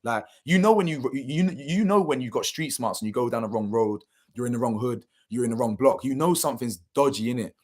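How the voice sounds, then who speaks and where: A man's voice: mid-range voice, fairly quick, darkish tone. A young man, telling a story casually and animatedly, full of slang and swearing, acting out what people said. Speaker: channel host.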